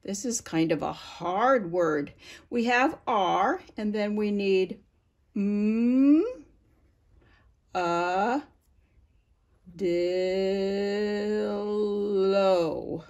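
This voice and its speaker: A woman teaching phonics to parents, sounding out letters and words slowly and deliberately. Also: medium pitch, darkish tone. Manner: slow, deliberate, stretches out sounds.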